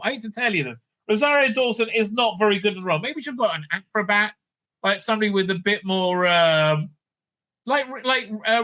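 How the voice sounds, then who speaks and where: A man rambles through an episode recap with profane sarcasm, his voice very bright and a touch high. The delivery is loose and scathing, full of fillers and swipes. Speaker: show reviewer. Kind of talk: casual episode recap and review.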